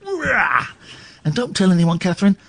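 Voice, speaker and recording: A man's voice: on the high side, big pitch swings, a little fast. A man hosting a radio phone-in, playful and teasing, with bursts of exaggerated delight. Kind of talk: late-night radio phone-in chat.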